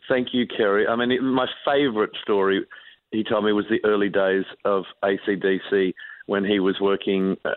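Brief: author guest, low-ish and animated, phone-line audio. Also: male voice, dry recording. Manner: animated, acts out quoted voices, many restarts. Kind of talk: anecdotal storytelling. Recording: tinny dry phone line.

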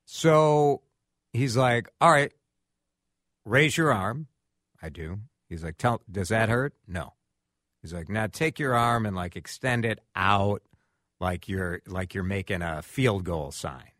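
Radio host guy, lively swoopy voice, bright, dry studio sound. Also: on the low side, takes it slowly, dry recording. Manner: animated storytelling, acts out quotes. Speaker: radio talk show host. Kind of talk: casual radio chat.

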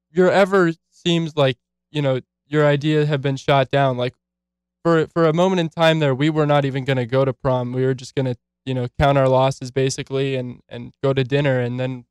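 A man's voice: medium pitch, clean tone, dry recording, studio quality. A college freshman in his late teens, a guest on a radio show, laid-back and a little hesitant. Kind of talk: radio interview.

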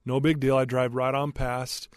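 A man's voice: medium pitch, flat delivery, moderate pace, no room sound, clean studio sound. A man earnestly telling a personal story as a podcast guest, candid and loose, with frequent fillers.

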